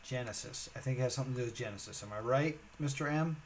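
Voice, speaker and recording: A man's voice: medium pitch, fast talker, slight background noise, low-quality recording. A man streaming a puzzle game, thinking aloud in a musing, hesitant way with many fillers.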